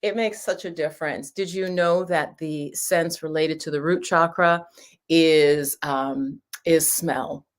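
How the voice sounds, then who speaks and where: A woman with a slightly low voice hosts a casual livestream from her home. She chats in a loose, rambling way, greeting viewers as they join. She sits on the floor as she talks. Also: fairly even intonation, slow. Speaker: livestream host, angel card reader. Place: home room, sitting on the floor.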